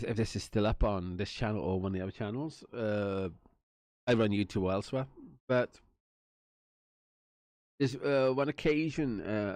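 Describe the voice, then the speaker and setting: A man's voice: fairly low pitch, darkish tone, dry recording. A Welsh man telling a long personal story in a casual, rambling way, swearing often, laughing and acting out the other people's lines. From Wales. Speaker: channel host telling a story.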